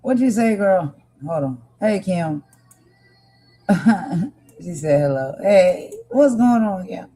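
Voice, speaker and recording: A woman's voice: on the low side, expressive, unhurried, warm tone, soft background music, poor audio. A woman hosting a live stream, talking with feeling and emphasis, repeating her points and speaking straight to her viewers. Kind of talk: impassioned live stream commentary.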